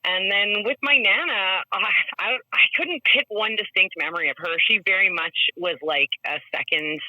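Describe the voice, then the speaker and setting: A woman's voice: medium pitch, moderate pace, pushed and bright, no room sound, rough recording. A woman from Canada, a broadcaster and author, talking about her memories in a heartfelt, reflective way as an interview guest. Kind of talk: casual interview chat.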